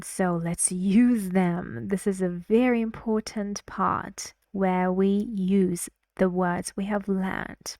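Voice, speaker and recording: A woman leads a pronunciation lesson, speaking slowly and sounding each phrase out so learners can copy it. Her voice sits at a middle pitch, and the recording is dry with no room sound. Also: a little mellow, no room sound. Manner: slow, repeats words to model stress and intonation. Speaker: English pronunciation teacher.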